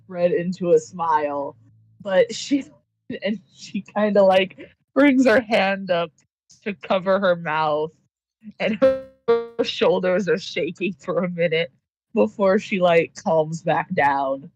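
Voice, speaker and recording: A woman's voice: lowish voice, animated, slow, no echo, highs cut off. Woman, tabletop role-play, genteel polite manner, casual narration with fillers, dry close sound, faint music. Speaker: tabletop role-playing player.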